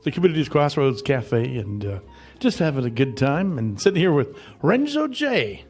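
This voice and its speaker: A man's voice: medium pitch, big pitch swings, moderate pace, a little mellow, faint music behind. A man hosting a casual radio interview, rambling and joking with his guest. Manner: jokey, rambling, laughs often. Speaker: radio host.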